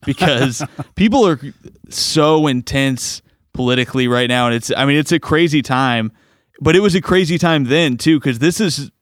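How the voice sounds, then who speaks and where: A man's voice: mid-range voice, normal speed, dry recording, clean studio sound. A man hosting a comedy program, talking enthusiastically and rambling, chuckling as he goes. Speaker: radio show host. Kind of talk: casual commentary.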